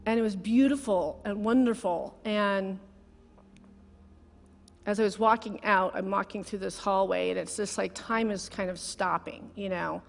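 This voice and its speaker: Close to tears, a middle-aged guest speaker shares a personal story in a heartfelt, conversational sermon. She talks a little slowly in a mid-range, creaky voice whose intonation stays fairly even. The recording carries the long reverb of a large church sanctuary.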